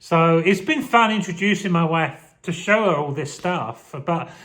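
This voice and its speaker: A man's voice: fairly high pitch, expressive, unhurried, fairly bright tone. A man in his forties reflecting on his childhood in a rambling, heartfelt vlog, getting emotional as he talks. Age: 40s. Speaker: vlogger. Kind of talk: casual personal reflection to camera.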